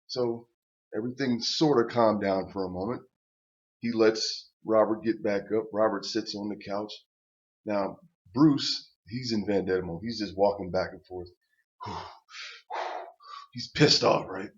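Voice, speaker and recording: A man's voice: fairly low pitch, steady tone, unhurried, highs cut off. An older man telling a personal story as a casual, profane rant, blunt and stammering through restarts.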